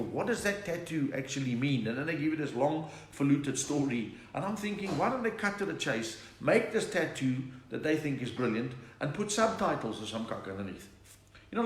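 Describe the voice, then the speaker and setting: A South African man doing stand-up chat on a live stream, reading viewer messages and telling stories, often slipping into put-on voices. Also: a little high. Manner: chatty storytelling, slips into put-on accents and voices. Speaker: comedian reading viewer comments. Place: room at home. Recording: echoey room, faint background noise.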